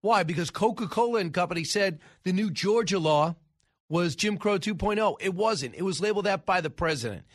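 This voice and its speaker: Emphatic high-voiced talk radio host man. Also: animated, brisk. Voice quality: emphatic, scoffing, frequent uh fillers. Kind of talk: opinionated political commentary.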